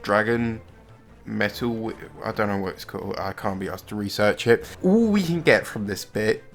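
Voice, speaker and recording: A man's voice: medium pitch, lively intonation, moderate pace, vocal fry. Wry British man narrating a review. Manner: wry, laughing at the show. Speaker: host narrating a show review. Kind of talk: casual commentary. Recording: faint music under the voice.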